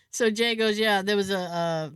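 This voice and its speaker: A woman co-hosting a podcast tells a story in casual chat, acting out other people's lines along the way. Her mid-range voice is clear and resonant and she takes it slowly, in clean studio sound with no echo.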